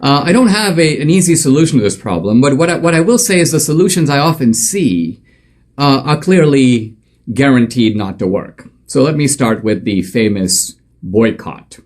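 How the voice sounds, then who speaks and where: A man's voice: on the high side, expressive, moderate pace, a little mellow. A male author and commentator telling a story in an emphatic, conversational monologue with frequent fillers.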